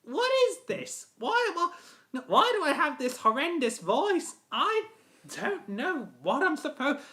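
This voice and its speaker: Piskliwą, zdenerwowaną małą lokomotywę, bardzo wysoki, bardzo ruchliwy głos. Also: male voice, very animated, measured pace, sharp tone, exaggerated voice. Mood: bewildered. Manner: high squeaky whine, indignant. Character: young male tank engine, flustered and fussy.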